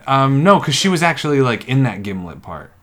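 A man co-hosting a podcast who chats casually and enthusiastically, often halting and restarting his sentences. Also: mid-range voice, big pitch swings, fairly bright tone. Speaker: podcast co-host. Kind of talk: casual chat about a TV series.

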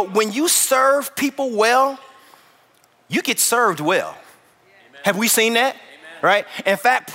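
High, bright-voiced preacher in a big hall. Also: male voice. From Chicago. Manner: animated storytelling, acts out voices. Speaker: pastor. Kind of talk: sermon. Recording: long hall reverb.

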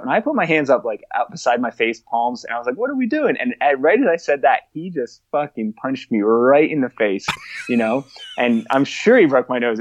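A man's voice: mid-range voice, no room sound. A young man telling wild stories in casual chat, laughing often and swearing freely. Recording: dull, dry lo-fi sound.

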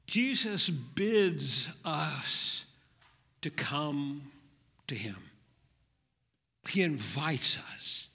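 Slow, bright-voiced male pastor. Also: a little high, lively intonation, husky, in a large hall. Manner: gentle, slow preaching with soft drops. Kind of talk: sermon.

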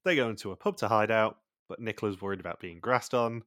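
A man with a low voice talks through a show's plot in a relaxed, chatty way. His voice sits close and dry on the mic, with no room around it. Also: quick pace, no room sound. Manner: chatty, recaps plot points in long runs. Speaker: podcast host. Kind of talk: casual chat recapping a TV show.

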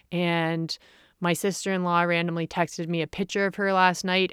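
A young woman hosting her own podcast, telling a personal story in an excitable, emotional way, often laughing and repeating herself. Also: fairly low pitch, clean tone, no echo, clean studio sound. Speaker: podcast host.

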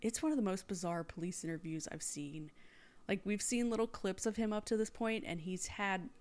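A woman's voice: medium pitch, brisk, a little mellow. Sarcastic woman telling a crime story. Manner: storytelling, sarcastic asides, quotes people in mock voices. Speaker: podcast host. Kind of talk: casual true-crime chat.

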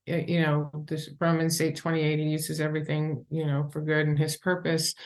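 A middle-aged woman on a podcast speaks with a slightly low voice. She tells her stories animatedly, dropping into the voices of the people she quotes, and laughs now and then. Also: a bit bright. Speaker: author and sobriety coach, podcast guest. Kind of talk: conversational interview.

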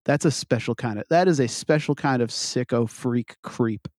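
A man with a mid-range voice co-hosts a casual podcast. He talks deliberately, with hesitant fillers, and stops to correct points. The recording sounds dry and close. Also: mid-range voice, darkish tone, dry recording. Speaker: podcast co-host. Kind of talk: casual political banter.

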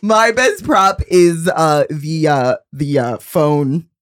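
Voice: mid-range voice, slow, dry recording, studio quality. A guest on a casual podcast, rambling with many fillers and frequent laughter.

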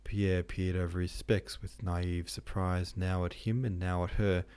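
A man's voice: deep voice, a little slow, clear, resonant tone. A man hosting a podcast, reading a classic novel in a casual, slangy retelling. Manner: slangy, relaxed. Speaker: podcast host and reader.

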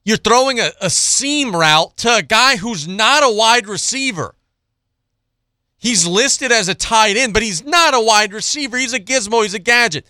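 A man's voice: high-pitched, lively intonation, normal speed, pushed and bright, no echo, clean studio sound. A man hosting a sports radio show, ranting bluntly and sarcastically about a football team before reading out betting picks. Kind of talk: opinionated sports talk monologue.

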